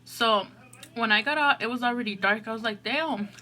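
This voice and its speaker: A woman's voice: a little high, moderate pace, sharp tone, a little hiss or hum. A woman hosting an eating show, telling a story in a rambling, casual way full of "like" and "oh my gosh.". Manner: rambling, filler-heavy, lots of "like" and "oh my gosh".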